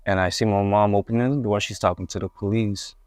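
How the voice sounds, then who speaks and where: A man's voice: fairly low pitch, steady tone, fast talker, a little mellow, no room sound. A young man from Puerto Rico, a guest hip-hop artist, tells his life story in a candid, rambling way with many restarts. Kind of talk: casual interview storytelling.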